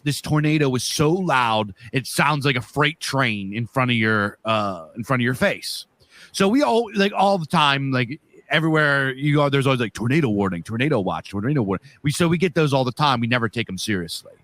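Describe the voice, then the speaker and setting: A man's voice: mid-range voice, pushed and bright, no echo. A man from the northeastern US, a podcast co-host telling a vivid, rambling story with lots of fillers and swearing. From northeastern US, Pennsylvania. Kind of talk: casual storytelling.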